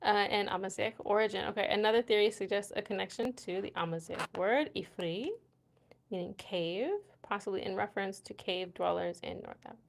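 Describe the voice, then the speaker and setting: A woman's voice: mid-range voice, steady tone, brisk, gravelly. A young woman hosting a casual livestream, chatting with viewers and reading aloud. She talks loosely with lots of fillers and tag questions, and laughs often. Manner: chatty, laughs often, many fillers like "right?" and "you know". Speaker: livestream host. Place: Morocco.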